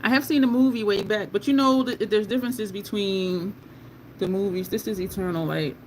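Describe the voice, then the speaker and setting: A woman's voice: mid-range voice, moderate pace, a little mellow, a little hiss or hum, low-quality recording. A woman beauty vlogger in casual chat while doing her makeup, answering viewer comments and laughing often.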